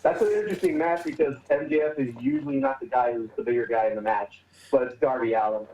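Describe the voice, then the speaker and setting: Mellow-voiced casual male co-host. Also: medium pitch, lively intonation, fast, gravelly, rough recording. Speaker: podcast co-host. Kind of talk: casual chat.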